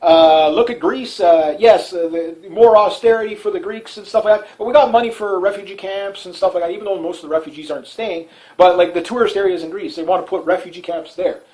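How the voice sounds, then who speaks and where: A man's voice: high-pitched, a little fast, darkish tone, rough recording. A man from Canada hosting a talk show, delivering a casual political commentary monologue that rambles, with many fillers and restarts and frequent chuckles.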